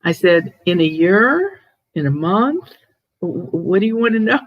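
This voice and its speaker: An older woman tells stories in a chatty, lively way, stopping and restarting as she goes. Her voice sits at a middling pitch. The sound is dry and close, with no room echo. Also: normal speed, highs cut off. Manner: chatty, animated storyteller with laughs and restarts. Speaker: host, ghost medium. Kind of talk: casual chat, storytelling.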